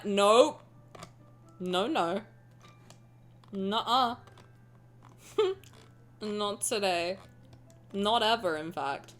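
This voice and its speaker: A woman's voice: medium pitch, takes it slowly, pauses often, faint music behind. A woman streaming a game, chatting casually with her viewers in a tired, rambling, self-deprecating way. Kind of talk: casual live-stream chat.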